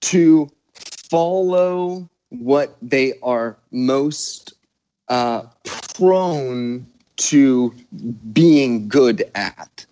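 Slow, halting man in casual talk. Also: medium pitch, animated, warm tone, dull audio. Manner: slow, halting, searching for words. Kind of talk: casual conversation.

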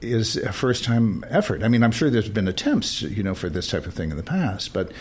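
Man, host, lowish voice, chatty, rambling, faint hum behind. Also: very animated, fairly quick, darkish tone. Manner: chatty, rambling with many fillers. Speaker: radio show host. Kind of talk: casual interview chat.

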